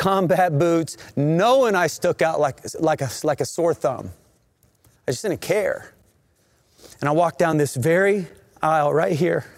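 A man's voice: fairly high pitch, a little mellow, no room sound, clean studio sound. A middle-aged man, a senior pastor, giving an earnest and emotional personal testimony in a church sanctuary, repeating phrases as he tells it.

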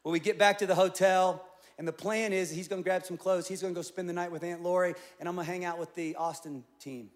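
Man, middle-aged pastor, sermon, storytelling, fairly high voice. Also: quick pace. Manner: storytelling, animated with acted-out quotes. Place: large church auditorium.

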